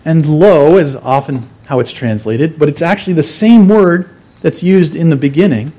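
A man with a notably high voice delivers a sermon. He teaches in an earnest, emphatic way, repeating key phrases to drive the point home. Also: normal speed, mellow. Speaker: pastor.

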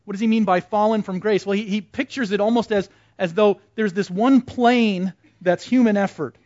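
A Bible study teacher leads an interactive class conversationally and relaxed, questioning the group and repeating their answers back. His fairly high voice moves at normal speed, and the recording sounds dull, muffled, dry and close.

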